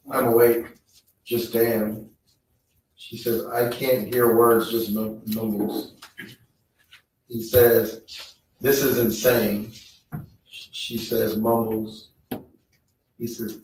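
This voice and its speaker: Flat, slow man testifying in an echoey courtroom. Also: medium pitch, slight background noise. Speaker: trial witness reading messages. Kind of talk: courtroom testimony, reading texts aloud. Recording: echoey courtroom audio from far off.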